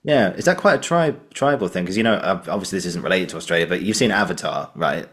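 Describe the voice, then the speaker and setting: Host: man, slightly low pitch, jokey and playful in conversation. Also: expressive, fast talker, fairly bright tone. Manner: jokey, laughs often, acts out little scenes. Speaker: podcast host. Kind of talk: casual interview chat. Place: podcast studio in London.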